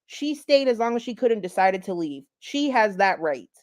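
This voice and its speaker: A woman's voice: mid-range voice, very animated, moderate pace. A woman giving blunt, sarcastic reaction commentary on a clip, with frequent profanity. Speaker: commentary YouTuber.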